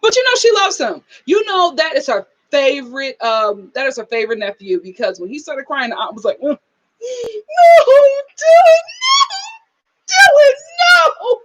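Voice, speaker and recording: A young adult woman hosts a casual review of a reality show, her voice sitting a little on the higher side. She talks with emphatic, animated energy and slips into acting out the scenes she recaps. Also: a little fast, hardly any pauses.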